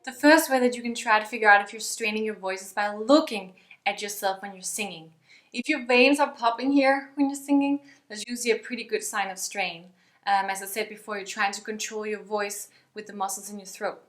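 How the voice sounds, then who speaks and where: A young woman with a mid-range voice speaks briskly as a singing teacher giving a friendly vocal lesson to camera. She demonstrates both sung and yelled examples.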